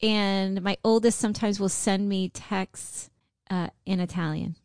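A woman's voice: mid-range voice, fairly even intonation, a little slow, darkish tone, clean tone, no room sound, studio quality. A woman co-hosting a podcast in casual chat, emphatic and joking. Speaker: podcast co-host.

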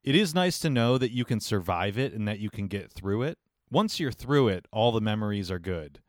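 A man in a casual chat who answers with dry, deadpan teasing. His voice sits somewhat low. The sound is close and dry. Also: moderate pace, dry recording. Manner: dry, teasing humor with mock-serious remarks.

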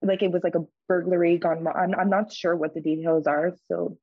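A young woman with a slightly low voice tells a story on a podcast, chatty and loose, full of "like" and quick asides. Her voice comes through a dry, slightly dull close mic. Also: no room sound. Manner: chatty, many fillers, lively re-enacted quotes. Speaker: podcast co-host. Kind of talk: casual storytelling.

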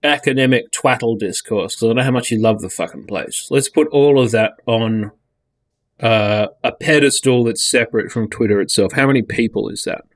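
A man talks in a casual podcast chat at a middle pitch, blunt and profane. He often restarts his sentences as he thinks aloud. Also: normal speed, no echo, studio quality. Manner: blunt, sweary, restarts a lot.

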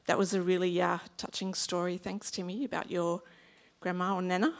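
A woman's voice: fairly low pitch, flat delivery, a little fast, gravelly. A woman in her fifties with an Australian accent, preaching a sermon in a chatty, humorous way and drawing in the congregation. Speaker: pastor.

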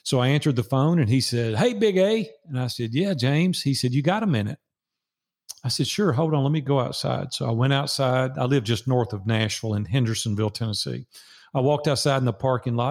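A man in his sixties with a gravelly, creaky edge to his voice tells a long personal story as a guest. He speaks earnestly, like a preacher, and acts out each line of dialogue as he goes. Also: medium pitch, darkish tone. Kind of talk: storytelling in an interview.

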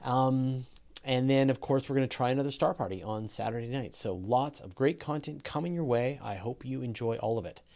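A man's voice: mid-range voice, a little fast, creaky, darkish tone. A man with a Canadian accent hosting a live question show, talking enthusiastically with many fillers and restarts. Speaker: podcast host.

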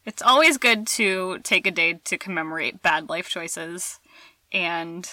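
Wry bright-voiced woman co-host. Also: lowish voice, no room sound. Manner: wry, laughing, drawn-out delivery. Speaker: podcast co-host. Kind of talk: sarcastic casual chat.

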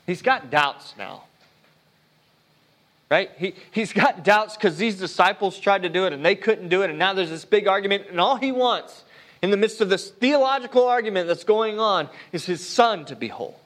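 High-voiced earnest preacher man. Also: animated, normal speed, a bit bright. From United States. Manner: earnest, conversational preaching with frequent restarts. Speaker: pastor. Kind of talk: sermon.

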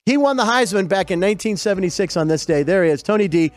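A middle-aged man from western Pennsylvania hosting a sports show, telling stories over game clips in a chatty, digressive, excited way. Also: high voice, quick pace, no echo, studio quality, soft background music.

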